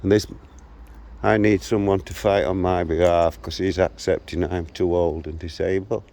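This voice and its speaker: A man in his sixties, aged sixty-three, tells the camera a tough local story of a confrontation as he walks around outside. His voice is deep and dark, fairly even in intonation and at normal speed, and his telling is blunt and combative.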